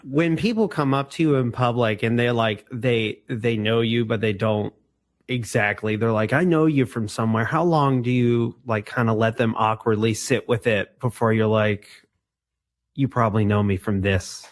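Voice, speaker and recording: A man's voice: mid-range voice, steady tone, moderate pace. A man hosting a podcast, asking playful, teasing questions in casual conversation. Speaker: podcast host.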